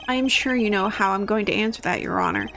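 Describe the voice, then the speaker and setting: A woman reading aloud as a calm, formal male prosecutor in a video game. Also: mid-range voice, fast talker, vocal fry, over music, lightly acted. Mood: composed.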